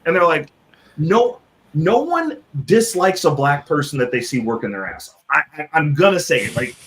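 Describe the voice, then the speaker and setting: A man's voice: on the high side, big pitch swings, normal speed, a bit bright, slight background noise. A young man talking loosely and profanely in a casual panel debate, full of restarts and "like". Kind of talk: casual debate on a live stream.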